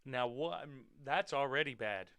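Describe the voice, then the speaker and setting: A man hosting his own show, reacting to dash cam videos with loud swearing outbursts and quiet muttered asides. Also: mid-range voice, lively intonation, a little slow, a little hiss or hum. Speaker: podcast host.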